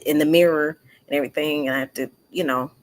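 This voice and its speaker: A woman's voice: low voice, steady tone, fast. A woman co-hosting a podcast in casual chat, speaking hesitantly and restarting her sentences often. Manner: hesitant, many restarts and fillers. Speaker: podcast co-host.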